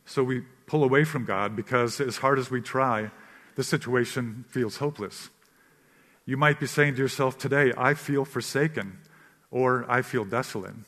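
A man giving an earnest, measured sermon as a pastor. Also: mid-range voice, a bit bright. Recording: long reverb of a large hall.

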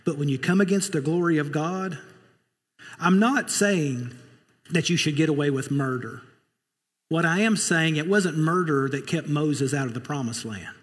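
A man preaches a conversational sermon, slipping in joking asides and plenty of fillers. His voice sits a little high and sounds husky. The church around him carries a long, lingering reverb. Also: normal speed. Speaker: pastor. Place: church sanctuary. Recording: long reverb of a large room.

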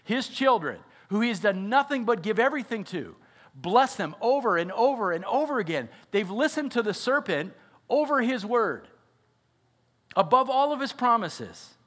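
A man's voice: very high voice, sing-song, moderate pace, fairly bright tone. A father and pastor preaching a sermon, earnest and often asking his listeners questions. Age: adult father. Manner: earnest, asks the audience questions.

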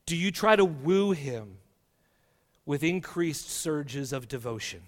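A man preaching a sermon as a guest preacher, reading scripture dramatically and dropping to a hush for emphasis. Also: a little high, animated, slow. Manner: dramatic scripture reading, swinging from loud to hushed. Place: church sanctuary. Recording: long church reverb.

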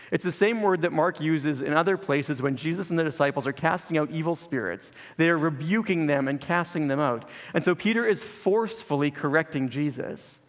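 Earnest male preacher in a reverberant hall. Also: fairly high pitch. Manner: earnest, builds through repeated phrases. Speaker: pastor. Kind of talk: sermon.

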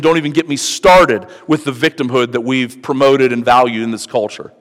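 Male pastor, mid-pitched, chatty sermon with emphatic build-ups, hall reverb. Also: fairly even intonation, normal speed, few pauses.

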